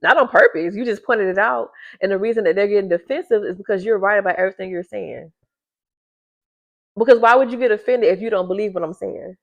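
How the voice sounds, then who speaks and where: A woman's voice: fast, gravelly. Emphatic woman, dull lo-fi sound. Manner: emphatic, repeats herself, swings up high when riled; keeps her voice down at first with a sleeping baby nearby. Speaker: vlogger giving a reading to viewers. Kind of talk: casual direct-to-camera talk.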